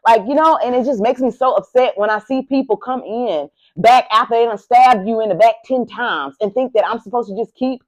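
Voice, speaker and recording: An adult tarot reader with a mid-range voice gives a casual reading to camera, heavy on profanity, blunt, emphatic, and ranting heatedly. The audio quality is poor.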